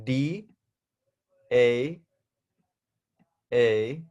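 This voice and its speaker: A man's voice: mid-range voice, extremely slow, darkish tone, muffled recording. Young male teacher, casual lesson delivery, drills each sound patiently. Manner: patient, repeats and stresses each letter sound. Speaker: Arabic alphabet teacher.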